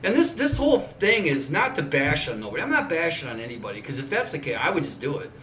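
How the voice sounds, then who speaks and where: This fortysomething podcast host talks fast and very animatedly, his voice on the high side and a bit bright. In casual chat he's blunt, loose, rambling and swears frequently. Slight background noise and faint ambience fill the roomy, distant recording.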